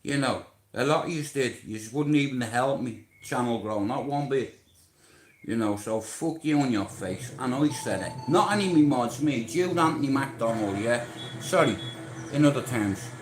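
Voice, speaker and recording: A man's voice: medium pitch, animated, normal speed, slight background noise. Aggressive Irish man ranting, roomy echo. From Ireland. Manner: aggressive, profane, rambling and confrontational. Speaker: livestreamer. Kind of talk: angry livestream rant. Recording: roomy sound with music behind. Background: music.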